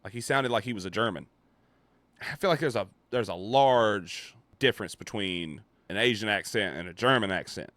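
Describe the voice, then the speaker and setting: A man giving casual reaction commentary, animated and rambling, swearing now and then. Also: fairly low pitch, moderate pace, no echo. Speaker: commentary YouTuber reacting to a video.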